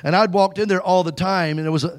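Emphatic preacher, fairly high male voice. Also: fast. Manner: exhorting the congregation to call back; emphatic, animated storytelling. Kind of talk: storytelling sermon.

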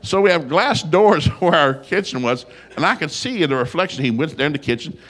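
An older man telling a funny family story in a folksy, animated way, his voice jumping up when he quotes himself. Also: a little fast. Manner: folksy, animated, gets loud and high when quoting himself.

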